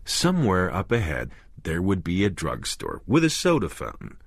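A man narrating an audiobook in a measured, expressive way. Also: low-pitched, husky, dry recording, studio quality.

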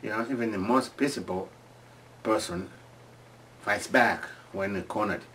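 A man telling stories from home in a halting, restarting way, acting out screams and sounds. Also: on the low side, fairly bright tone, recorded from a distance, slight background noise. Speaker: storyteller. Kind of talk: casual oral storytelling.

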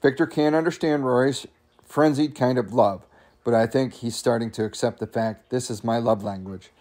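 A man's voice: mid-range voice, normal speed, darkish tone. A man casually reading a humorous memoir aloud, chuckling often, coughing now and then, and making chatty asides to his listeners. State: coughing at times. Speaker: audiobook reader.

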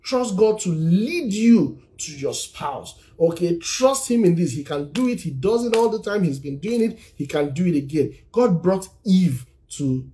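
A man's voice: on the high side, mellow. A man giving an earnest, encouraging sermon-style teaching over a phone live stream, repeating his points and reading scripture aloud. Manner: earnest, repetitive exhortation, reads scripture aloud. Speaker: Christian teacher on singles and marriage.

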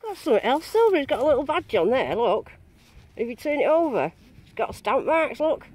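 A woman vlogging a metal detecting dig outdoors, chatting in a bubbly, excitable way and repeating herself in delight. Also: high voice, a little fast, no room sound. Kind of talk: excited casual running commentary.

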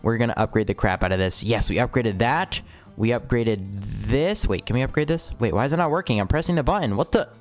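A young man giving excitable gameplay commentary as a video host, with wild jumps in pitch. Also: fast. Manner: hyper, jumpy pitch, gasps and exclamations. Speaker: gaming YouTuber. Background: faint music.

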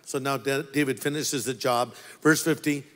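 A man's voice: medium pitch, fairly even intonation, normal speed, fairly bright tone. A man preaching a sermon as pastor, telling a story with playful asides to the congregation. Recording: long hall reverb.

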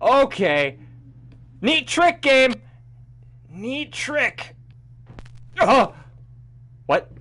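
A man's voice: very high-pitched, very animated, very slow, pauses often, a bit bright. A young man giving live commentary on a horror game, jumpy and swearing, with sudden yelps and nervous laughs. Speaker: game streamer.

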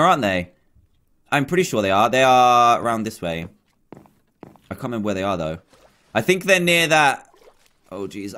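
Jumpy, lively-voiced man playing a horror game. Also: mid-range voice. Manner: jumpy, exclaims and talks to game characters. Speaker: gaming video host. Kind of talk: let's play commentary.

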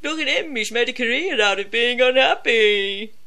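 A woman's voice: fairly high pitch, expressive, moderate pace, sharp tone. A woman voicing a mopey singing toy cat. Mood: glum. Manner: mournful, self-pitying crooning. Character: gloomy toy cat, sings of misery. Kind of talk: comic song parody.

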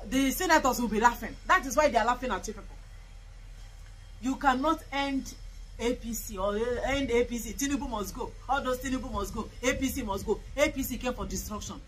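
A woman rants on camera in a fiery, scornful way. Her voice sits a little high, and she hammers the same points again and again. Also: brisk, a little hiss or hum, low-quality recording. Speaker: political commentator. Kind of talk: impassioned political vlog rant.

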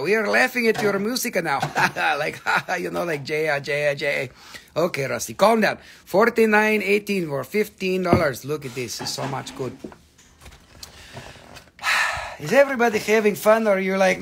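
Guy doing a live rock sale, high voice with lots of fry, goofy and rambling. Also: animated, normal speed, bright, forceful tone. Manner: joking, rambling, playful. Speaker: host of a live mineral sales stream. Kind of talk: casual live selling banter.

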